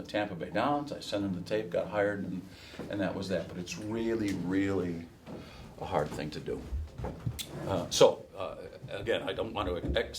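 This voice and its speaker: A middle-aged man from Chicago with a softened Midwest accent and a flat nasal tone, talking loosely to a workshop audience with many fillers and restarts. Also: low-pitched, a little hiss or hum. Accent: softened Midwest American. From Chicago, USA. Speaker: race caller giving a workshop. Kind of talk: casual talk to a workshop audience.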